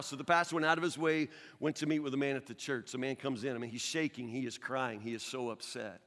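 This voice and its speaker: A man preaching a sermon as pastor, earnest, with stammering restarts, swinging from loud to hushed. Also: mid-range voice, fast, hardly any pauses, big-room sound.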